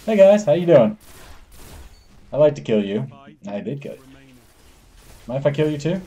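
A man's voice: on the high side, very animated, moderate pace, warm tone, husky. A young man casually commenting on his own online match as a gaming channel host, playful and self-mocking, often exclaiming in surprise. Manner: playful, exclaims "oh my goodness", chuckles at himself.

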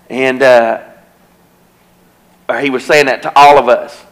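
A man's voice: mid-range voice, expressive, moderate pace, long pauses, poor audio. A male evangelist, preaching a revival sermon in a church and telling a folksy story that grows into an earnest warning. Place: church sanctuary.

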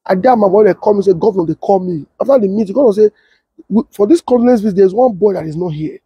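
A young adult man with a Nigerian Pidgin English accent, telling a story and acting out the voices of others in a husky tone. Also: quick pace, dry recording, lo-fi sound. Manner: switches to high excited voice when quoting others. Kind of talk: animated storytelling with acted-out quotes.

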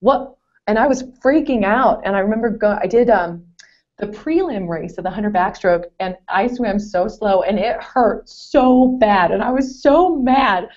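Over dull, lo-fi call audio, a former competitive swimmer in her forties chats through a casual interview, full of laughter and jokes at her own expense. Her voice is medium-pitched and a little mellow, at a normal speed.

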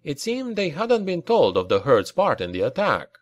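A man's voice: huge pitch swings, moderate pace, dry recording, highs cut off. Dramatic male audiobook narrator, dry sound. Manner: dramatic reading, raising pitch for shouted lines. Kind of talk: scripted narration.

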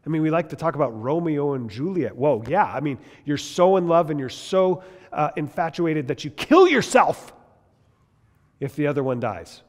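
A man's voice: fairly high pitch, sing-song, moderate pace. A man teaching a Bible class in an emphatic way, asking many rhetorical questions and often restarting his sentences. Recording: long reverb in a hall.

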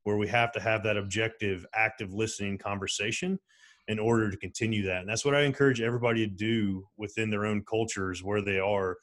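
A man with a low, steady voice talks earnestly on a video-call panel. He speaks in a measured, thoughtful way, choosing his words with care. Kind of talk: panel discussion.

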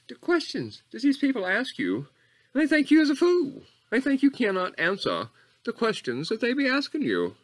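A man playing Coach Catfish, an eccentric rambling character who drifts off on tangents and jumps between squeaky highs and low mutters. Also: a bit bright, exaggerated voice. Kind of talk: comedic character monologue.

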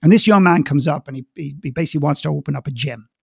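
A man's voice: a little high, rapid-fire, gravelly, husky, no echo, clean studio sound. A man with an Irish accent, a guest in a podcast interview, talking passionately and bluntly, swearing and repeating words as he goes.

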